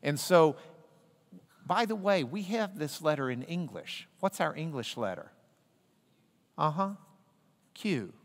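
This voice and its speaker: A man teaching a Bible class in a big hall, his voice high and full of swings in pitch. He jokes and coaxes his listeners to say the letters back to him. The sound carries a long hall reverb. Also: very animated, slow pace, pauses often. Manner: playful, coaxing a class to repeat letters.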